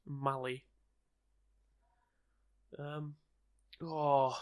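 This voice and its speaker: A man's voice: on the high side, animated, a little slow, fairly bright tone. A man co-hosting a casual podcast and chatting with a teasing, dry sense of humour. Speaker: podcast co-host.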